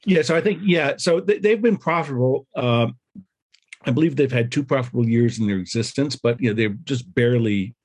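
A man's voice: mid-range voice, brisk, darkish tone. Wry, easygoing man on a panel. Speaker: co-host. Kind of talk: casual panel discussion.

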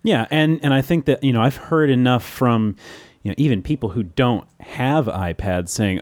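A man's voice: mid-range voice, normal speed, a little mellow, no echo, clean studio sound. A man hosting a casual tech podcast, chatty and laughing often, with plenty of fillers. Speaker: podcast host.

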